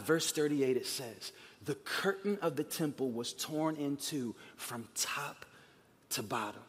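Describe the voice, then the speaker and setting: A man with a high voice preaching in a large church sanctuary, where the long reverb of the hall trails behind every word. He presses his points with emphasis, slows down and sinks to a near-hush for weight, and leads the congregation in call-and-response. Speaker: pastor. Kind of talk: sermon.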